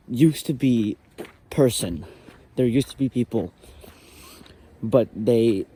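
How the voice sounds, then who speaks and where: A frightened man vlogging on location, talking in a hushed, jittery voice and often half-whispering. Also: mid-range voice. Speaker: paranormal vlogger. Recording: loud outdoor background noise. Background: loud noise and outdoor ambience.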